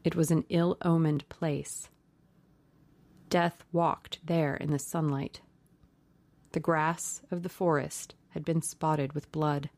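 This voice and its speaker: A woman narrating an audiobook of a classic novel in a steady, measured reading. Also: low-pitched, gravelly.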